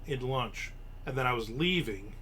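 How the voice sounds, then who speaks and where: A man's voice: mid-range voice, animated, normal speed, sharp tone, a little hiss or hum. A man hosting a casual live show, grumbling and swearing sarcastically as he tells stories. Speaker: podcast host. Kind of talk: casual live-stream chat.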